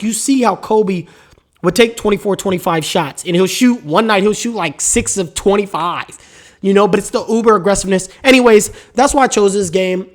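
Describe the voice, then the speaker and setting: A man hosting a solo sports podcast, talking casually with strong opinions and a rambling, repetitive way of speaking, while he has the hiccups. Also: high voice. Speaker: podcast host.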